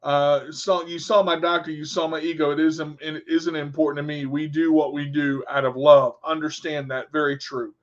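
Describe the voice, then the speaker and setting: A man's voice: a little high, lo-fi sound. A man hosting a radio show, giving an earnest, rambling motivational monologue with repeated words.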